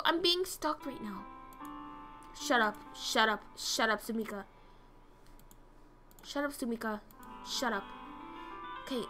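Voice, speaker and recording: High, bright-voiced excitable woman streamer. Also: moderate pace, pauses often, faint music behind. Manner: excitable, swears, reads game dialogue aloud. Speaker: streamer playing a game. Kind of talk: casual gameplay commentary.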